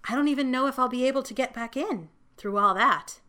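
A woman doing a young girl in a storybook, soft and teary and hopeful, kinda high voice. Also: fairly quick. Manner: soft and wistful, rising with longing. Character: young woman, tearful, hopeful, eager for the world.

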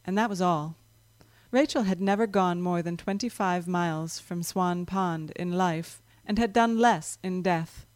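A woman narrating a story in a calm, measured reading voice. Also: lowish voice, no room sound.

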